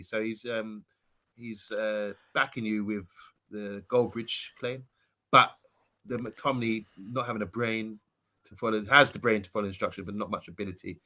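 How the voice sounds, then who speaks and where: Man hosting a stream, reads out chat comments, bright voice, kinda trails off. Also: lowish voice, steady tone, normal speed. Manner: chatty, reads viewer messages aloud, trails off softly. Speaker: stream host reading chat. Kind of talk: live stream chat reading.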